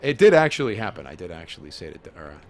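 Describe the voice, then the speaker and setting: Man co-host, jokey commentary banter, low but lively. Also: racing. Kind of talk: developer commentary chat.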